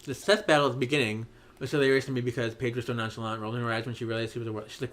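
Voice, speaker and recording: Animated man recapping a story. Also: mid-range voice, rapid-fire. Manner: animated, acts out characters' lines in raised voices. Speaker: podcast host. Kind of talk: casual chat, recapping a story.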